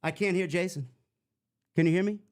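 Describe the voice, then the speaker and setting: A man's voice: sits high, brisk. A man co-hosting a casual livestream, flustered and cursing while he sorts out audio trouble. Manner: flustered, swears, repeats himself. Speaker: podcast co-host.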